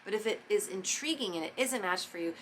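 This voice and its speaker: A woman giving a casual, profane motivational monologue about forgiveness, emphatic and spontaneous, sometimes dropping into soft mock whispers. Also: medium pitch, lively intonation, fast talker, a little hiss or hum. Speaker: spiritual self-help vlogger.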